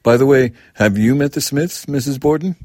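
A man's voice: mid-range voice, normal speed, darkish tone, dry recording, studio quality, voice pushed up, natural voice. A man voicing a prim, concerned female schoolteacher in a storybook reading, speaking in a polite, fussy manner. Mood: firm. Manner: polite, fussy, lightly raised voice.

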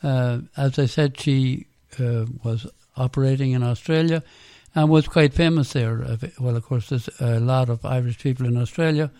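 Male radio host, gravelly voice, halting off-the-cuff delivery, dry close sound. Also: mid-range voice, warm tone, no echo. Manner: halting, off-the-cuff, with many pauses. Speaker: radio presenter. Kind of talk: casual radio presenting.

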